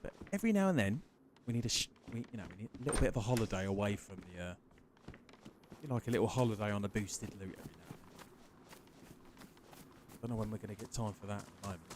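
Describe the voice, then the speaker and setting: A man's voice: lowish voice, steady tone, quick pace, long pauses, background noise. A man streaming a survival game, chatting casually with viewers, greeting them by name and swearing freely. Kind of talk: casual live-stream chat while gaming.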